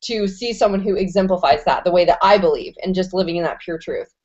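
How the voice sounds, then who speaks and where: A woman's voice: fairly low pitch, quick pace, a little mellow, muffled recording. A woman hosting an online interview show, enthusiastic and slangy, swearing freely and rambling as she talks. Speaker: host.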